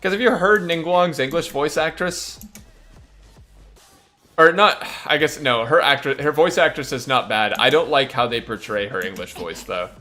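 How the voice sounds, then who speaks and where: Male streamer, casual rambling gaming chat, crisp bright tone, candid opinions. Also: mid-range voice, normal speed, soft background music.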